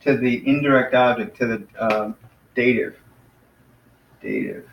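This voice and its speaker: Teacher explaining from across an echoey room. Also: male voice, medium pitch, lively intonation, creaky, highs cut off, a little hiss or hum. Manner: explains patiently, slows to sound out Greek words. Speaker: Greek teacher. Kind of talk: informal classroom lesson. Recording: echoey room, mic far off.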